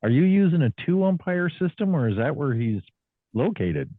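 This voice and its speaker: A man's voice: fairly high pitch, big pitch swings, normal speed, dry recording. Joking male host over a tinny line. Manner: joking, teasing questions. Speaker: podcast host. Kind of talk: casual podcast interview.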